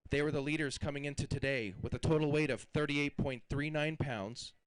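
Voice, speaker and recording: A man runs a live fishing weigh-in as emcee, his fairly high voice upbeat as he calls out weights and builds suspense for the crowd. The sound is close and dry. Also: fairly even intonation, fairly quick, clear, resonant tone, dry recording, poor audio. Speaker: tournament emcee.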